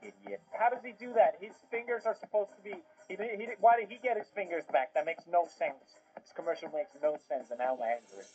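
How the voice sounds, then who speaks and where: A man's voice: sits high, fast, hardly any pauses, darkish tone. Tinny-sounding man reacting to clips. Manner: laughing, exclaiming, sarcastic asides. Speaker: video reaction commentator. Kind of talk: casual reaction commentary. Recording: tinny phone-like sound with faint music.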